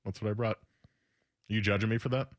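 A young man hosts a radio talk segment in a loose, chatty way, circling back and restarting his sentences. His voice sits a bit low and the sound is dry and close. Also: steady tone, moderate pace, dry recording. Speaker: radio show host. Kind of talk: casual chat.

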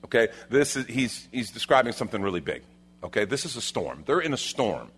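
A man preaching a sermon, acting out the disciples' lines with lively shifts and dropping to a hushed tone at reflective moments. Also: medium pitch, brisk, husky. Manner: animated, acts out the disciples' lines. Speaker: pastor.

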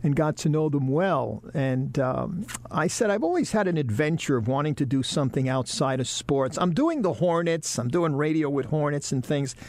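A man telling lively stories about his broadcasting career in a casual interview, acting out the people he quotes. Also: a little high, moderate pace, few pauses. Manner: animated storyteller, acts out quoted bosses. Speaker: broadcaster guest.

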